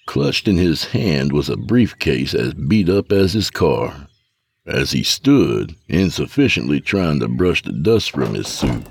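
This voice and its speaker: Man reading a story aloud, deep voice, lively rising and falling delivery, dry close sound. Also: creaky, a little hiss or hum. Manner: expressive, dramatic storytelling. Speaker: narrator. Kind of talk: first-person story reading.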